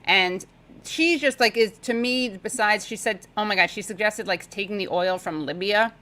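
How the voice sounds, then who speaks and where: A woman guest talking politics in casual chat, sarcastic and talkative, with quick asides. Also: mid-range voice, pushed and bright, poor audio. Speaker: podcast guest.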